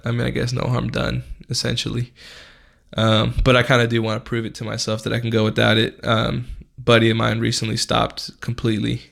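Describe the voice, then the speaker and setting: A man's voice: medium pitch, vocal fry, fairly bright tone. A young man hosting a podcast, telling a story in a casual, laid-back way, full of slang and swearing. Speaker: podcast host.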